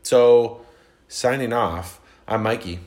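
A man's voice: mid-range voice, takes it slowly, a little mellow. A man co-hosting a casual chat podcast, rambling and jokey, swearing now and then. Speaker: podcast co-host.

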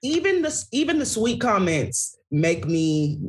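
A woman's voice: on the high side, sing-song, measured pace. A woman guest talking bluntly on a podcast over a video call, swearing freely as she speaks. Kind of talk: casual chat.

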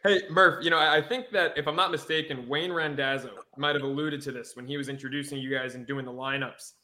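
A man's voice: mid-range voice, steady tone, quick pace, bright, forceful tone, slight background noise. A man co-hosting a casual podcast, eagerly setting up a question for the guest. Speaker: podcast co-host.

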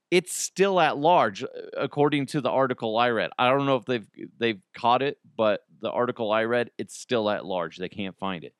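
A man's voice: mid-range voice, a bit bright, no echo, studio quality. A man in his thirties, a podcast host, telling stories in a casual, joking monologue and laughing often.

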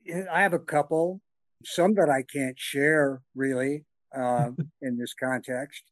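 A man's voice: mid-range voice, fairly even intonation, slow, dry recording. Wry man on sports talk, dry sound. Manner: wry storyteller, chuckling asides. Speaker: podcast panelist.

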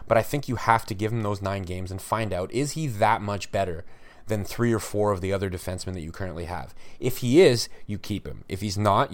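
A man's voice: fairly low pitch, no room sound. A man hosting a solo sports podcast, talking in an emphatic, ranting way with frequent restarts. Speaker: podcast host.

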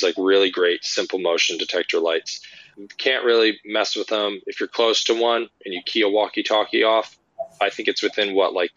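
A man, a paranormal investigator, telling lively, rambling anecdotes with lots of fillers in a casual interview. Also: on the low side, no echo, muffled recording.

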